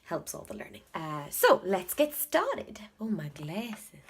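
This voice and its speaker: This Irish-accented woman, a video blogger learning Korean, chats casually in a study vlog with a lowish, slightly rough, sing-song voice. She speaks unhurriedly with barely any pauses, thinking aloud and repeating words for practice.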